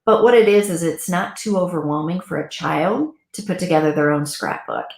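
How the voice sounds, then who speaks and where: Animated woman in an echoey room. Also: fairly low pitch, fairly quick, gravelly. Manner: warm, animated, gushing storyteller. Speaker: pet loss guide and co-host. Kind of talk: casual talk show chat.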